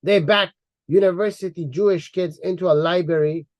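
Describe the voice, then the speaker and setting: A man's voice: high voice, steady tone, normal speed, darkish tone, no room sound, dull audio. A man delivering a heated, mocking monologue as an online commentator, repeating words for emphasis. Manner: angry, mocking, insulting.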